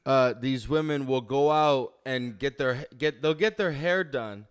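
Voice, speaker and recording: A man's voice: mid-range voice, a little slow, clean tone. A man co-hosting a comedy podcast, playful and emphatic in casual banter. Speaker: podcast co-host.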